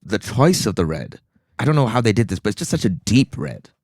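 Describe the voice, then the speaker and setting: A man's voice: lowish voice, very animated, a little fast, darkish tone, dry recording, clean studio sound. A man co-hosting a podcast, talking enthusiastically about a comic and laughing a lot. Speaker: podcast co-host. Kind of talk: casual chat about comics.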